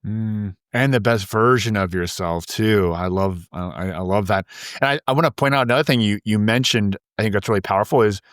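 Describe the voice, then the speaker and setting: A man's voice: on the low side, brisk, a bit bright, dry recording, clean studio sound. A man hosting a podcast, asking long, rambling questions full of restarts. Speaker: podcast host. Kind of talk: casual interview.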